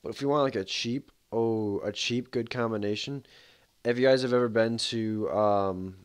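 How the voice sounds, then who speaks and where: A man's voice: medium pitch, moderate pace, clean tone. A man streaming a game, chatting casually in a rambling, laid-back way full of fillers. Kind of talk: casual livestream commentary.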